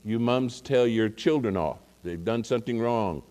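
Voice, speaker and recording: A man's voice: mid-range voice, normal speed, mellow. A man preaching, telling a rambling folksy story with many fillers and restarts. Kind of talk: casual sermon anecdote. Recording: long hall reverb.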